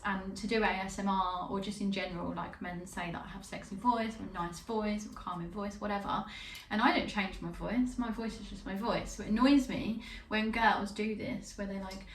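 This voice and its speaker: A woman's voice: medium pitch, moderate pace, hardly any pauses, a bit bright. A young woman hosting a casual podcast chat, rambling and giggly, talking with a friend. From Wales. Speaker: podcast host. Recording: echoey room, mic at a distance, faint noise.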